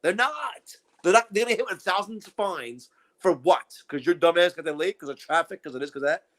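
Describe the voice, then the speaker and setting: A man co-hosting a podcast, telling profane, animated stories in casual chat and acting out what people said. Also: on the high side, brisk. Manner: profane, animated storytelling with acted-out quotes. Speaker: podcast co-host.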